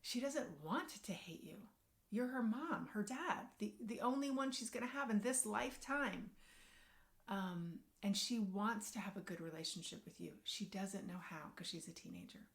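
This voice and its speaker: A woman working as a parenting coach and social worker, speaking to camera and giving advice directly to parents in an earnest, gentle way. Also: mid-range voice, animated, moderate pace.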